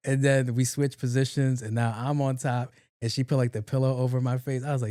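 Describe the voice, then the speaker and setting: A man's voice: medium pitch, fairly quick, no echo, studio quality. Profane middle-aged man telling stories. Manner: profane, animated, laughs often. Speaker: podcast host. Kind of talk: casual storytelling monologue.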